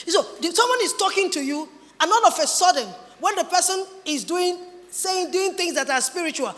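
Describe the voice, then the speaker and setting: A woman preaching with a high, bright, forceful voice. She is emphatic and animated, and she slips into mimicking others. Her words ring out with long reverb in a large hall. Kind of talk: sermon.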